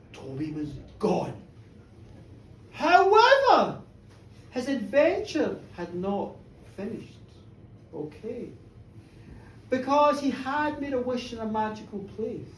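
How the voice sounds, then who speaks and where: Cheeky middle-aged lady telling a story live, high voice, echoey room from far off. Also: takes it slowly, long pauses. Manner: animated, cheeky, chats with the audience. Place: pub bar, live show. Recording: roomy pub, from a distance, faint room noise.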